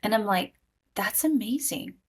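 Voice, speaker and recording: This woman tells her own story on a podcast. She is lively and expressive and slips into the voices of the people she quotes. Her pitch sits in the middle range for a woman. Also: measured pace, husky. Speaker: guest sharing her testimony. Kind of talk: candid personal testimony.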